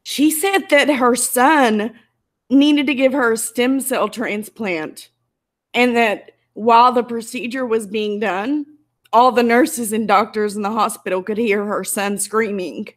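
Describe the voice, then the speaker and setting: Tearful, indignant woman vlogger, fairly high voice. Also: slow. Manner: emotional, indignant, close to tears. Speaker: YouTuber. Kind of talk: angry commentary vlog.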